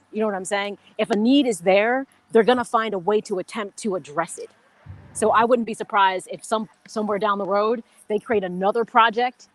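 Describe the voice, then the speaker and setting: A woman co-hosting a live sports talk show on location, chatty, with lots of "you know what I'm saying.". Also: mid-range voice. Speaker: co-host. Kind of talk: live sports radio chat. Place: golf country club, on location.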